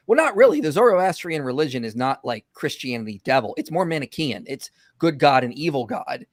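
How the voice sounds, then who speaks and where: Animated male livestream host, dry sound. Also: fairly high pitch, dry recording. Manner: animated, rushes ahead in bursts, many fillers. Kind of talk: livestream commentary and debate.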